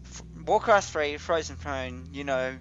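A young man co-hosting a gaming video, chatting casually over gameplay in a rambling, excitable way. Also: a little high, a little slow, clean tone, highs cut off. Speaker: gaming channel co-host.

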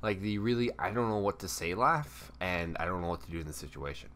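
A young man from Texas with a low, deep voice tells a story to the camera in a loose, casual vlog. He talks animatedly and slips into quick impressions of the people in it. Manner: animated, acts out coworkers and guests in quick put-on voices. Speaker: YouTuber telling a work story.

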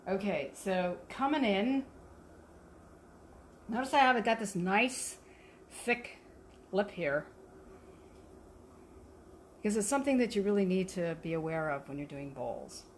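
On a livestream, a woman potter demonstrates on the wheel, chatting playfully while she shapes the clay. Her mid-range voice is animated and unhurried, with long pauses and a faint hiss or hum behind it.

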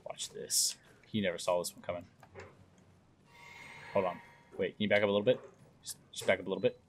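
A young man streaming a game live, chatting along casually and breaking into loud excited exclamations. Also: sits low, brisk, slight background noise. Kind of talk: live gameplay commentary.

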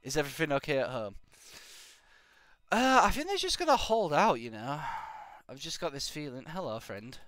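This man streams himself gaming, tossing out jokey, sarcastic remarks and animated bursts of exclamations. His voice is a little high and moves at normal speed. There's no room sound, though faint music plays behind him.

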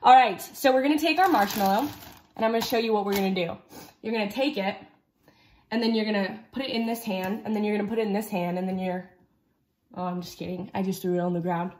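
A woman's voice: medium pitch, quick pace, darkish tone. A young woman hosting a playful cooking demonstration for children, bubbly and jokey, talking straight to the kids at home. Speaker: children's ministry cooking host.

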